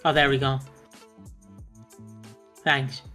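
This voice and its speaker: A man's voice: medium pitch, flat delivery, takes it slowly, bright, forceful tone, soft background music. A man co-hosting a casual chat over a video call, swearing often and acting out characters in short bursts. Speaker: podcast co-host.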